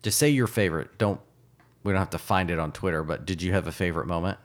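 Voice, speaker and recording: A low-voiced man talks fast while co-hosting a podcast, chatting casually with dry, wry humor.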